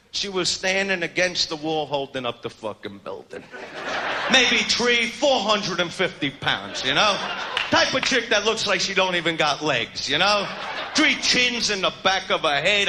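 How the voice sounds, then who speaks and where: A man doing a stand-up comedy routine, with a brash, swaggering and crude delivery and shouted punchlines. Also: high voice. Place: comedy stage before a live audience. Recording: live club show with loud crowd laughter. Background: crowd laughing and noise.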